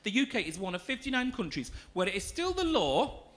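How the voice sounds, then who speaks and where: A young man works a comedy club crowd with camp, teasing cheek. His voice sits high and swoops lively over wide pitch, with a bright, forceful edge. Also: a little fast. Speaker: stand-up comedian. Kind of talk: stand-up comedy with crowd work. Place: comedy club stage before a live audience.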